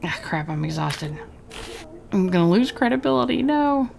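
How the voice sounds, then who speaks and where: A woman's voice: mid-range voice, sing-song, normal speed, creaky, a little mellow. A woman hosting a gaming let's-play, chatting and musing aloud as she reads and makes choices. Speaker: gaming host.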